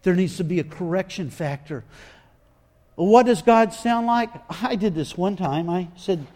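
A man's voice: high voice, lively intonation, unhurried, a little mellow. A man preaching a sermon in an emphatic, folksy way, often repeating his phrases.

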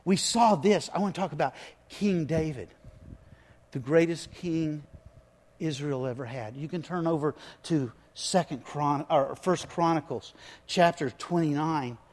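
A male pastor with a fairly high voice delivers a sermon, swinging from hushed prayer to loud acted-out stories. His voice rings through a church sanctuary with a long reverb tail. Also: measured pace.

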